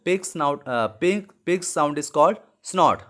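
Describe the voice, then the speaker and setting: A man's voice: on the high side, expressive, measured pace, fairly bright tone. A man teaching animal sounds to young children, patient and repeating key words. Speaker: English teacher. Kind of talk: slow lesson for young children.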